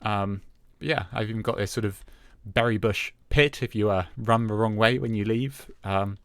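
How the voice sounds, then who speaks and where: A man's voice: on the low side, moderate pace, dry recording. A man hosting a Minecraft let's-play, casually talking through what he does with many hesitant fillers. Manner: relaxed, self-talking as he plays. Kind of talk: casual gameplay commentary.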